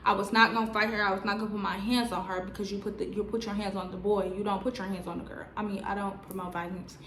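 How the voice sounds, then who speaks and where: A woman in her twenties telling a story on her vlog in a lively, slangy way, full of "like" fillers. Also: medium pitch, quick pace, roomy sound, a little hiss or hum. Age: 20s. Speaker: vlogger. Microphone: on-camera mic.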